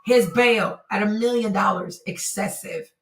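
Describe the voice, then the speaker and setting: A woman hosting a commentary show, talking emphatically with lots of repetition and exclamation, her voice going hoarse. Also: medium pitch, a little slow. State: losing her voice. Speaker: host. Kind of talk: commentary on a criminal case. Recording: echoey room, far from mic.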